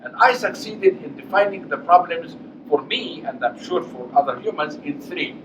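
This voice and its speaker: Man in his 80s, guest lecturer, anecdotal and emphatic, fairly high voice, distant mic, roomy hall. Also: animated, normal speed. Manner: anecdotal, acts out dialogue, emphatic. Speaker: guest speaker. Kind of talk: public lecture with personal stories. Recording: echoey hall, distant mic, dull, noisy.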